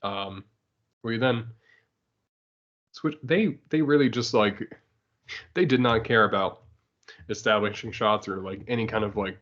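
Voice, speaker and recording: A man co-hosting a comics podcast, chatting casually, laughing often and acting out characters in quick asides. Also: fairly low pitch, fairly bright tone, dull audio. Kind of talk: casual chat.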